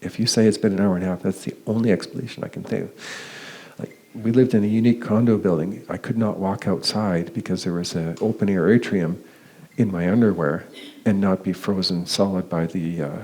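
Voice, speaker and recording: A man giving a talk. He tells a personal story, often pausing with fillers and restarting his sentences. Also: fairly even intonation, dark tone. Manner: hesitant, many fillers and restarts; acts out quoted dialogue with raised pitch. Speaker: conference speaker. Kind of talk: personal story told as a lecture.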